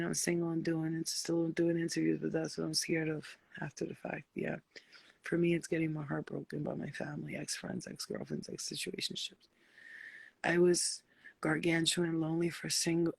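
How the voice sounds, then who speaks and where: Gravelly, husky woman on a late-night chat. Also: deep voice, moderate pace, dry recording. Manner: profane, blunt and animated, slips into playful voices. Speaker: spiritual live-stream host.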